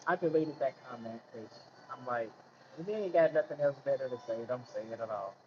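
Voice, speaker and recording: A man's voice: medium pitch, a little fast. A man telling a personal story in a casual vlog rant, asking rhetorical questions and repeating himself in colloquial speech. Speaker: vlogger. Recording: muffled lo-fi with faint hiss.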